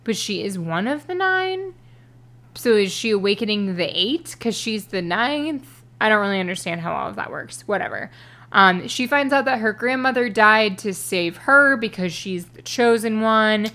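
A woman's voice: medium pitch, sing-song, moderate pace, pushed and bright. A woman co-hosting a podcast, giving a wry, sarcastic book critique in casual chat. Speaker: podcast co-host.

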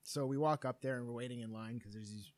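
A man's voice: mid-range voice, fast, darkish tone. A man in his thirties, a podcast co-host telling a long story in casual, profane chat.

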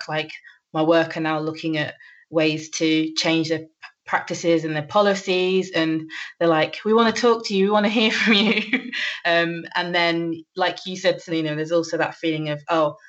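A young woman in a casual conversation, her voice sitting a little low and reaching us through a muffled, lo-fi recording. She talks haltingly, with many pauses, filler sounds and small nervous laughs. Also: a bit bright. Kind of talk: casual chat.

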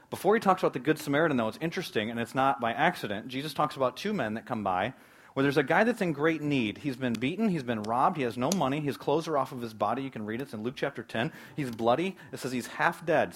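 A man preaching a sermon, emphatic, swinging between loud declarations and quiet, hushed asides. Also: mid-range voice. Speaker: pastor.

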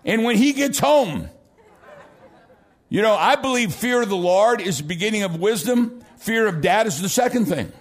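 A middle-aged American pastor preaching in a notably high voice. He tells his stories with animation and breaks into shouts to drive a point home. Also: moderate pace, some chatter behind. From United States. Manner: animated storytelling, bursts into shouts for emphasis. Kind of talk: sermon.

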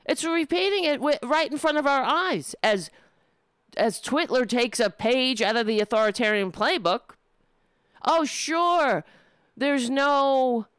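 Woman ranting all fired up, stops and restarts a lot, smooth clear voice, dry sound. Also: fairly high pitch, a bit bright, dry recording. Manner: impassioned, indignant, with halting restarts. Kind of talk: opinion monologue.

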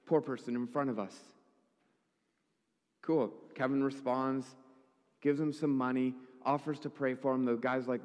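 A man's voice: mid-range voice, a little slow, a little mellow, dull audio. A male pastor preaching a sermon, telling a story with wry humorous asides. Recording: echoey hall.

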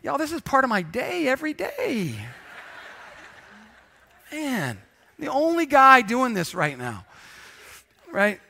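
A man preaching in church as pastor, telling a jokey story with sudden loud bursts. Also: extremely high pitch, sing-song, takes it slowly, vocal fry, pauses often. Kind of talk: sermon with storytelling.

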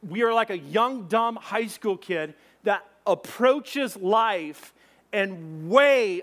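A man preaching a sermon, telling a funny story and acting out shouted voices. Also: high-pitched. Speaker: pastor.

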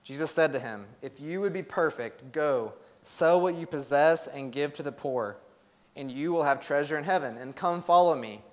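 Male pastor, young adult, earnest and emphatic sermon delivery, casual asides, voice a bit higher than most men. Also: moderate pace.

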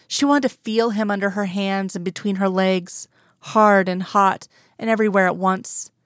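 A woman reading a romance story aloud as narrator, in a calm, even storytelling manner. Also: medium pitch, clear, resonant tone, no room sound, studio quality. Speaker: audiobook narrator.

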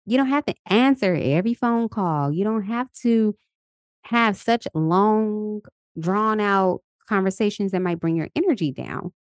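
A woman's voice: medium pitch, unhurried, dry recording, studio quality. A woman in her thirties hosting a casual motivational podcast, chatty and upbeat, laughing often and leading affirmations. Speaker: podcast host. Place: Los Angeles.

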